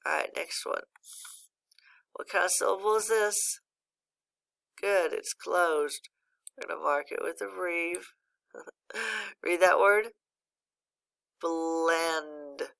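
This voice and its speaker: Slow, patient woman teaching phonics. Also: lowish voice, vocal fry, fairly bright tone. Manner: patient, encouraging, praises often. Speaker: reading teacher. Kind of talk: slow phonics lesson for a young child.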